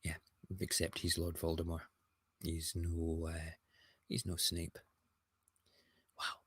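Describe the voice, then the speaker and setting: Guy hosting a morning show, deep and husky, gleefully mocking the papers. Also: completely flat delivery, slow, fairly bright tone, no room sound. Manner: gleeful, mocking, ranting commentary on headlines. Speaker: host. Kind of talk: casual morning news rant.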